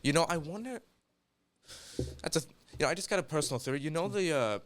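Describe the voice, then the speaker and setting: A young man co-hosting a podcast, expressive and joking, with quick reactions. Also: on the high side. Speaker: podcast co-host. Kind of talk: casual podcast chat.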